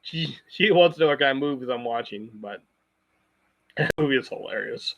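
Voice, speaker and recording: A man's voice: medium pitch, expressive, moderate pace, gravelly, a bit bright, dry recording, highs cut off. A man chatting casually on a live stream, rambling and circling back with frequent restarts. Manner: rambling, full of fillers and restarts.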